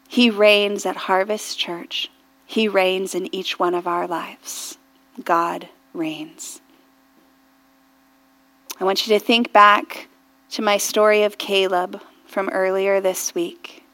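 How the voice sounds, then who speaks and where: A woman pastor preaching a sermon earnestly and reflectively, often dropping to a hushed near-whisper and rising to fervent prayer. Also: mid-range voice. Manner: rises to fervent intensity in prayer.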